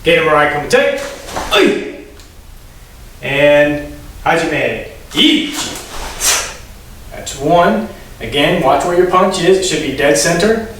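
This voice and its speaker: A man teaching a karate class, explaining the steps and calling counts that rise sharply in pitch. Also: unhurried, fairly bright tone, slight background noise. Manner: instructive, calls Japanese counts rising sharply in pitch. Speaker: karate instructor. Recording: very echoey room, distant mic.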